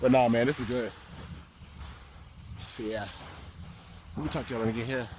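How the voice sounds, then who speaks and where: A young American man vlogging outdoors, talking in a slangy, laid-back, animated way as he walks city streets. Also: medium pitch, moderate pace, slight background noise. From United States. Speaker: travel vlogger. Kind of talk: casual walk-and-talk vlog.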